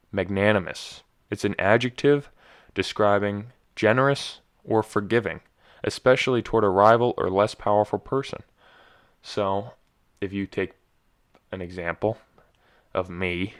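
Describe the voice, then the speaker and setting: A young man hosting a casual solo podcast, rambling and joking, often stumbling and correcting himself. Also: on the low side. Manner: rambling, self-correcting, jokey. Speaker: podcast host.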